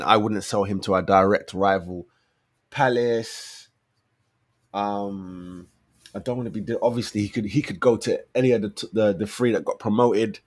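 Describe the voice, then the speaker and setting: A young man riffs on football as a fan, casual and full of street slang. His voice sits low, and he often says a line twice to drive it home. The sound is close and dry, with no room around it. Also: no room sound. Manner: slangy, conversational, repeats phrases for emphasis. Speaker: football fan channel host. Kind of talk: casual fan commentary to camera.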